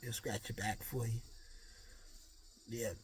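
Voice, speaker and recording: A man's voice: medium pitch, fairly even intonation, takes it slowly, a little hiss or hum. A man vlogging a rambling, slangy motivational monologue.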